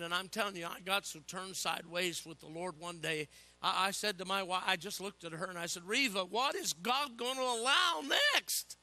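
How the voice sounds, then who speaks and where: An older man delivers a sermon, spinning lively, humorous personal stories and asking the congregation "Amen?" His voice is fairly high-pitched with vocal fry.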